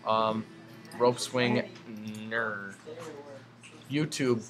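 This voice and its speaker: A young man doing goofy gameplay commentary, muttering asides and then breaking into high excited yells. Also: slow, long pauses, over music.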